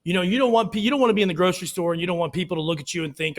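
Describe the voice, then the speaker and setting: A man talks in a casual podcast chat, his voice sitting a little high. He tells stories loosely and with plenty of filler, jumping into acted-out quotes in raised voices. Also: very fast, hardly any pauses. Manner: animated storyteller, acts out quotes in raised voices. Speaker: podcast co-host.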